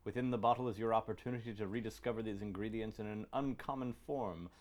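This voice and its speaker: A man's voice: fairly low pitch, quick pace, darkish tone. A man co-hosting a casual beer podcast, reading a label aloud with playful banter. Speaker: podcast co-host. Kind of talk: casual chat over beer.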